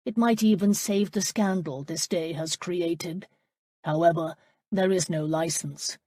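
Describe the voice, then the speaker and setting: Give me a woman voicing a dry, understated duke, low and close. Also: unhurried, mellow, no echo. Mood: considered. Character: understated aristocratic duke, father.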